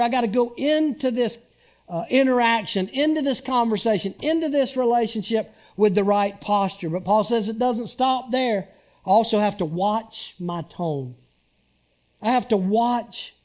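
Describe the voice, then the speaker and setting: A man's voice: extremely high pitch, measured pace, darkish tone. A man in his sixties preaching a sermon as pastor, conversational and full of rhetorical questions to the congregation.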